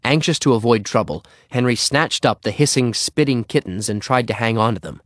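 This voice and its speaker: A man reading a children's story aloud in an expressive way. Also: medium pitch, brisk, no echo, clean studio sound. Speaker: narrator.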